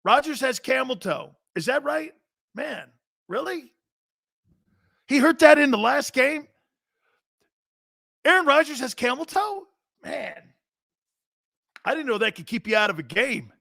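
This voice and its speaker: Give me a brash, joking man hosting a sports talk show and reading viewer chat, high voice. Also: sing-song, gravelly, no room sound, clean studio sound. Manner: brash, loud, joking, quick shout-outs.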